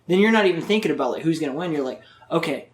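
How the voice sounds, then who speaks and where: A man with a somewhat high voice, talking casually as a guest on a podcast. He swears freely and rambles from one story to the next. The recording carries a noticeable roomy echo. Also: expressive, racing, slight background noise. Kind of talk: casual interview chat.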